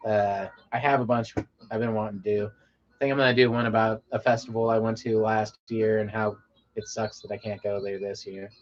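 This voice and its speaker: A man's voice: fairly low pitch, level tone, a little fast. A man from Colorado hosting a casual late-night livestream, rambling in a laid-back way and often trailing off into a mumble. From Colorado, USA. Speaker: livestream host. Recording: dull lo-fi sound.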